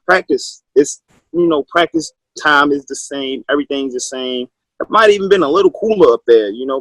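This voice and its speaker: Husky-voiced man telling stories. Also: mid-range voice, a bit bright, no echo, low-quality recording. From Maryland, USA. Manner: loose, rambling storytelling with many restarts. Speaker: high school wrestling coach, guest. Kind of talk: casual interview talk.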